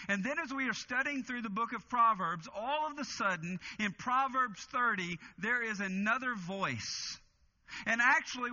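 Male pastor, high bright tone, earnest sermon delivery, dull lo-fi recording. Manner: earnest, slows and stresses key phrases. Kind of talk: expository sermon.

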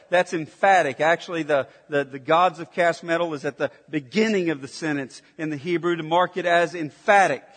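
A man's high, bright preaching voice rings out through a large hall with a long tail of reverb. He delivers a sermon with emphatic weight. He sinks into hushed, near-whispered intensity, then presses forward with forceful declarations. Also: moderate pace, hardly any pauses.

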